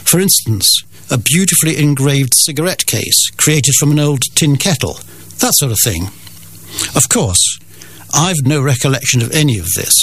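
A man's voice: mid-range voice, expressive, normal speed, fairly bright tone, slight background noise. An older man from the Scottish Borders, a guest telling family stories with dry, wry humour. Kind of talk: storytelling in an interview.

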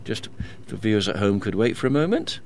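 A man's voice: on the low side, sing-song, a little fast, gravelly, slight background noise. Chatty, chuckling male radio presenter. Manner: chuckling, chatty, reads out listener messages. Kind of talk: casual radio chat. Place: radio studio.

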